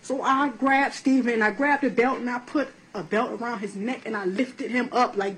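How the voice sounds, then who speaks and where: A woman's voice: a little high, fairly even intonation, normal speed, few pauses, a bit bright, slight background noise, rough recording. A woman giving courtroom testimony, telling her account in a blunt, profane, emotional way. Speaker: defendant in court.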